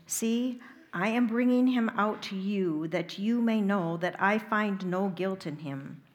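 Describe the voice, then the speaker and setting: Woman reader doing an uneasy male Roman governor, liturgical reading, pointed questions, slow. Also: medium pitch, close to an everyday voice. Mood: questioning.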